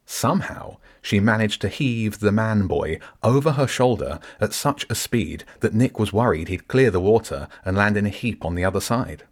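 Brief: deep, low male narrator, steady storytelling. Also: moderate pace, hardly any pauses. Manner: steady storytelling, shifts into character voices. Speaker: audiobook narrator. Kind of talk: scripted narration.

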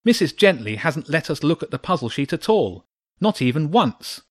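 A man's voice: mid-range voice, big pitch swings, fast, a little mellow, no echo, clean studio sound, voice pushed up. A man voicing a worked-up young schoolboy in a raised, pleading voice. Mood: indignant. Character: schoolboy James, worked up and indignant.

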